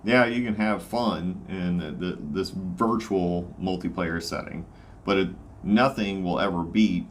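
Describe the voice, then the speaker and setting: A man with a Southern American accent, a guest in a casual chat, talking haltingly with many fillers. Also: deep voice, slight background noise. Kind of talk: casual conversation.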